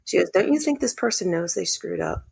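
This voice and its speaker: A woman's voice: lowish voice, a little fast, creaky, husky. A woman guest earnestly telling a personal family story in casual conversation. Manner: earnest, animated when quoting others. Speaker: podcast guest.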